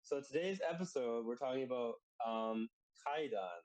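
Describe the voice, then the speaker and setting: A man's voice: medium pitch, normal speed, poor audio. Male podcast co-host, easygoing, meandering delivery full of fillers. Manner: relaxed, rambling with many fillers. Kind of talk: casual chat.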